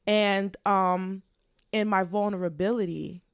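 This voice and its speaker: A woman co-hosting a podcast in heartfelt, casual chat, talking expressively and getting loud when she preaches. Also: medium pitch, measured pace, clean tone, no echo, studio quality. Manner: expressive, preachy, animated swings in loudness. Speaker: podcast co-host.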